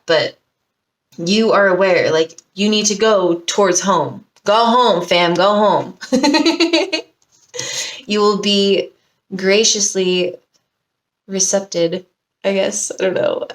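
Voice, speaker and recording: A woman giving a casual pick-a-card tarot reading, slangy and profane, gushing straight to her viewers. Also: mid-range voice. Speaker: tarot reader.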